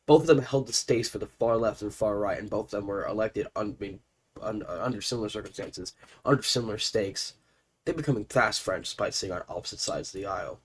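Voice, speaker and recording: A man streaming a strategy game, reading its story text aloud and chatting excitably, stumbling over names, stuffed up with allergies. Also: fairly low pitch, fairly quick. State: congested with allergies.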